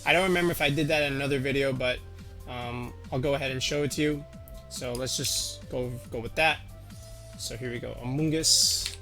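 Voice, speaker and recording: A man's voice: medium pitch, brisk, bright, forceful tone, soft background music. A man casually walking through a game teambuilding tutorial, rambling with lots of fillers and restarts. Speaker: competitive game YouTuber.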